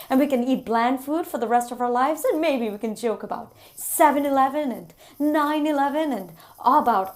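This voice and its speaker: A woman's voice: fairly high pitch, darkish tone. A woman performing a sarcastic spoken-word poem with theatrical delivery. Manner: sarcastic, theatrical, building intensity.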